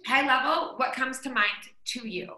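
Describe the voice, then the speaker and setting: A woman's voice: sits high, expressive, normal speed, sharp tone, roomy sound, low-quality recording. A woman hosting a live-streamed interview, enthusiastic and affirming toward her guest. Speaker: host.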